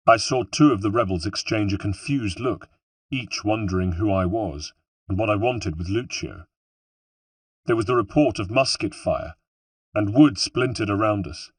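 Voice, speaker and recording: Husky low-voiced male audiobook narrator. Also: normal speed, no room sound, recorded from a distance. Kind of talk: first-person audiobook narration.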